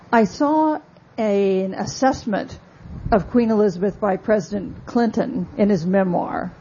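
A woman's voice: mid-range voice, dark tone, breathy edge, muffled recording. A woman author giving a conversational book talk, with wry asides and frequent fillers.

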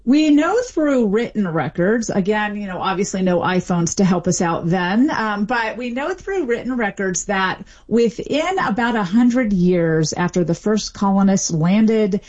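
A woman expert explaining how accents form, in a measured way with frequent fillers. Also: mid-range voice, lively intonation, darkish tone, muffled recording. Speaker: linguist guest. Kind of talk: expert interview answers.

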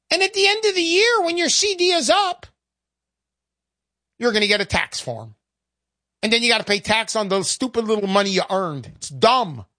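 A woman giving a chatty, sarcastic sales pitch with plenty of emphasis. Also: a bit bright, no room sound, studio quality. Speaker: sales spokesperson.

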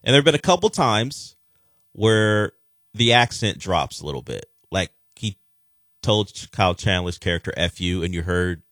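A man's voice: on the low side, animated, moderate pace, fairly bright tone, dry recording, studio quality. A man hosting a sports talk radio show, chatting casually and rambling with frequent restarts.

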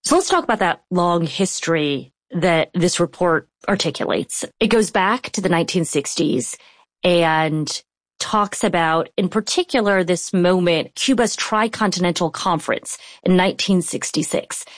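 A woman's voice: on the low side, moderate pace, no echo. A woman hosting an interview, framing careful questions to her guest. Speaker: interview host.

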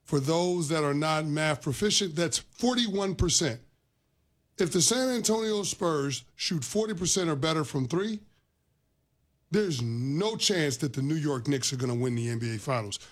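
A male sports radio host making his case in a studio, his voice sitting a little high for a man. He argues with animated energy, stumbling and restarting words as he pushes his point. The delivery is conversational studio debate. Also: moderate pace. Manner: animated argument with stammered restarts.

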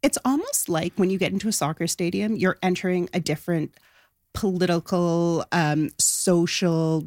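A woman sports journalist talking as an interview guest, telling stories with emphatic, animated delivery. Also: low voice, dry recording, studio quality. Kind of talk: conversational interview.

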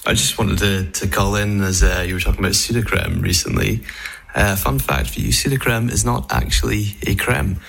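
Scottish man, deep and gravelly. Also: expressive, normal speed, fairly bright tone, a little hiss or hum. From Scotland. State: child babbling nearby. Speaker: caller. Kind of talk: recorded voice message.

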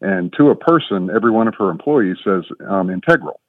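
A man's voice: deep voice, expressive, a little fast, no room sound. Caller in his fifties on a phone line. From Florida, US. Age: 50s. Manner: rambling, self-correcting storyteller. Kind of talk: phone-in question. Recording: tinny phone line, distant.

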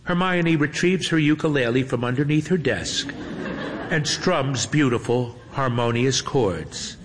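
A man narrating a story in an unhurried, dry and wry manner. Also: mid-range voice, animated. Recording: faint hum with long reverb.

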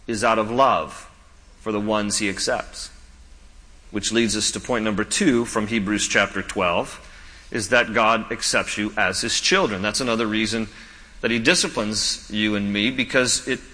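A man's voice: medium pitch, bright, forceful tone. A man preaching a sermon as a pastor, emphatic and repeating key lines, with humorous storytelling asides. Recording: long reverb of a large hall.

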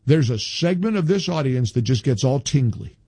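A man's voice: medium pitch, expressive, normal speed, dark tone, slightly rough, dry recording. A man hosting a political talk radio show, emphatic and repeating himself when worked up.

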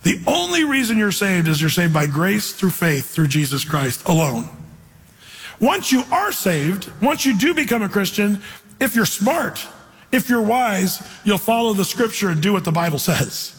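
A man's voice: sits high, big pitch swings, normal speed, breathy edge, in a large hall, poor audio. A man preaching an informal, earnest sermon in a church, quoting scripture and putting on voices to make his points. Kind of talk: conversational sermon.

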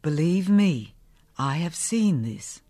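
A woman voicing an earnest, troubled young wife who speaks in a soft, hushed way. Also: low-pitched, expressive, slow pace, dry recording, clean studio sound, heavily acted.

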